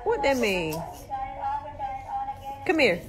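A woman's voice: on the high side, very animated, extremely slow, crowd noise. A woman filming her children at home, coaxing and teasing them in a playful, casual way. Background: music.

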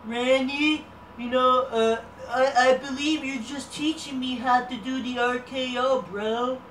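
A woman's voice: sits high, fairly even intonation, measured pace, a bit bright, slight background noise. A woman mimicking a laid-back, dopey young male wrestler with an easygoing drawl. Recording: roomy, distant mic.

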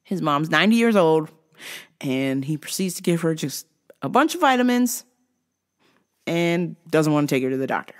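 A young woman hosting a podcast, telling crude, funny stories in a casual, animated way. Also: deep voice, moderate pace, pauses often. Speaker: podcast host. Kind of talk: casual comedic storytelling.

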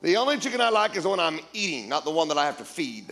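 A middle-aged man preaches with a fairly high, very lively voice that swings up and down as he acts out conversations and cracks jokes. Faint music hums underneath. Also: very fast. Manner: animated, jokey, acts out dialogue with big pitch swings. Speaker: guest preacher. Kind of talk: storytelling sermon.

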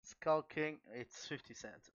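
A man chatting casually to his viewers while opening trading card packs, excitable and quick to exclaim. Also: fairly high pitch, smooth, dry recording. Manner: chatty, keeps addressing viewers as guys. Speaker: trading card pack opener. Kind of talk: casual unboxing chat to viewers. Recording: dull, dry lo-fi home recording.

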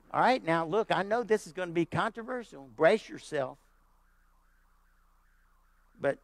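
A high-pitched male pastor preaching with fervour, repeating key lines for weight and asking "Amen?" of his listeners. His talk turns folksy and plain. The sound is close and dry, with no room echo. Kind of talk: sermon.

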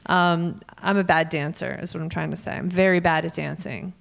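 American woman comic, quick joking crowd work, self-mocking, small live room. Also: lowish voice, fairly even intonation, gravelly. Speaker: comedian working the crowd.

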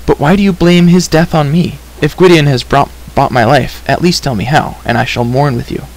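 A man's voice: on the high side, fairly even intonation, normal speed, voice pushed up, natural voice, rough recording. A man playing a flowery, flustered bard. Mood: earnest. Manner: flowery, apologetic. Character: chatty wandering male bard, flustered and wordy. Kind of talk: storybook reading.

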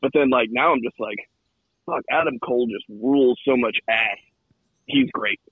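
A man's voice: medium pitch, normal speed, breathy edge, dry recording. A man in his thirties co-hosting a casual chat, cursing freely and acting out what others might say. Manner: profane, animated storytelling with acted-out quotes. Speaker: podcast co-host. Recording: tinny phone-like line.

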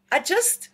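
A woman, a singer-songwriter chatting as a guest in a casual interview, bubbly and quick to laugh. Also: fairly bright tone.

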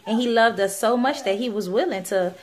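A woman's voice: a little high, brisk, darkish tone. A young woman speaking, giving an earnest, pleading personal testimony on video with many fillers. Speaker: vlogger sharing a religious testimony.

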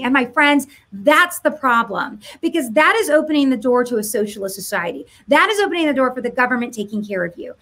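High-voiced woman ranting to camera. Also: big pitch swings, a little fast, hardly any pauses, a bit bright. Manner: mocking, rhetorical questions, does voices. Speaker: political commentator. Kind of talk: impassioned monologue to camera.

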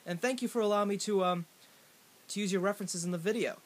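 A man with a fairly high voice tells a comic story straight to the camera. He rambles, stops and restarts, and fills the gaps with ums. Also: fast talker. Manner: rambling, with many fillers and restarts. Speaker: vlogger. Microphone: in front of a camera.

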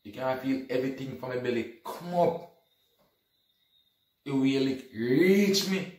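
Man telling a story, animated, distant mic in a roomy echo. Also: medium pitch, a little slow. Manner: animated, acts out dialogue, repeats "you see me". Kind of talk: casual retelling of an event. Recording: echoey room, distant from mic.

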